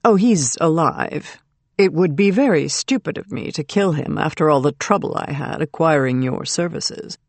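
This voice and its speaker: Audiobook role: sneering male villain with soft threat, done by the narrator, dry studio sound. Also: mid-range voice, lively intonation, moderate pace, gravelly, no echo. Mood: mocking. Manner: mocking, soft-spoken menace. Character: threatening male kidnapper, mocking and cold. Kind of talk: audiobook character reading.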